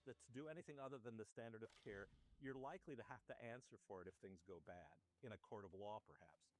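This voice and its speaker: A man speaking as a guest physician in an interview, explaining in a measured way and often rephrasing. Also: fairly low pitch, faint music behind, poor audio. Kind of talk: interview discussion.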